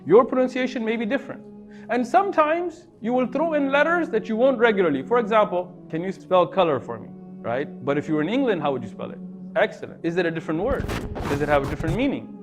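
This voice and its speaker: A man with a high, voice teaches a gathered audience. He stresses key words and keeps turning questions back to his listeners. Faint music plays behind him. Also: fast. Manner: asks the audience questions, lively emphasis. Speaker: Muslim speaker teaching non-Muslims. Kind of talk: explanatory talk to an audience.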